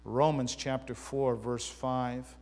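A man's voice: mid-range voice, level tone, takes it slowly, a little mellow. A man preaching a sermon, mixing scripture reading with casual personal stories. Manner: conversational preaching with personal anecdotes. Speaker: pastor. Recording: reverberant hall.

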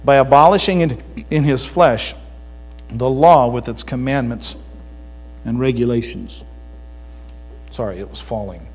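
A male pastor giving a sermon, emphatic and swinging between loud declarations and quiet asides. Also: medium pitch, measured pace, pauses often, breathy edge. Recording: long hall reverb with mains hum.

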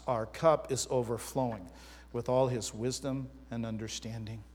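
A man's voice: medium pitch, steady tone, moderate pace, a little mellow, slightly rough. Preaching man in a reverberant hall. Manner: conversational preaching with personal anecdotes. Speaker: pastor. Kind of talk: sermon.

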